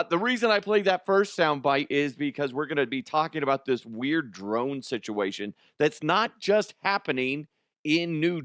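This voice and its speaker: A man hosting a casual comedy news podcast, crude and jokey, with quick put-on voices. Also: on the high side, a bit bright, no room sound, studio quality. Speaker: podcast host.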